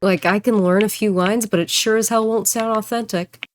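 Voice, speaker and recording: A woman streamer and voice actor chatting casually while she plays, rambling and joking and quick to laugh. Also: mid-range voice, steady tone, slight background noise. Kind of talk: casual livestream chat while gaming.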